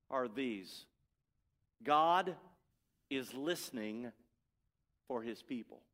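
Middle-aged man, pastor, slightly raised pitch, emphatic sermon with hushed drops. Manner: emphatic preaching with repeated refrains, dropping to soft, quiet endings.

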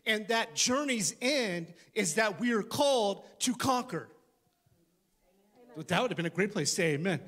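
A man preaching a sermon as pastor before a church congregation, animated, with joking asides and frequent restarts. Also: sits high, measured pace.

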